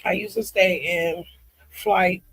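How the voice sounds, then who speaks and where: A man speaks in a personal vlog with a husky, breathy edge and a grainy, fry-laden texture. He confides earnestly, pausing often with ums and restarts as he reads through comments. His voice sits high for a man. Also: fairly even intonation, fairly bright tone, rough recording. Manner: halting, with frequent ums and restarts. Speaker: vlogger. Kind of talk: candid personal vlog, reading comments aloud.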